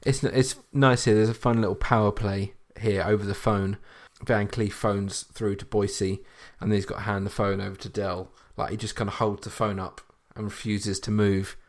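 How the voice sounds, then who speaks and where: A man co-hosting a podcast, chatting in a relaxed, appreciative way about a sitcom. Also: lowish voice, normal speed, few pauses. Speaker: podcast co-host reviewing a sitcom. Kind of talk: casual chat.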